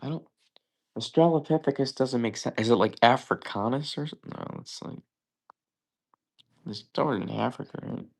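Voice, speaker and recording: A man's voice: mid-range voice, moderate pace, gravelly, pauses often. A young man hosting a live trivia stream, thinking aloud in casual chat and often stammering and correcting himself.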